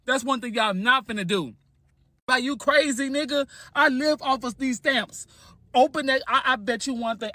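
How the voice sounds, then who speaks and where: A man in a played clip, ranting loudly and brashly in slang, half joking and half serious. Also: very high-pitched, no room sound, full character voice. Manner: animated, swings between joking and serious. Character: brash young man ranting about food stamps. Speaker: person in a played social media clip. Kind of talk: rant and joke impression in a clip.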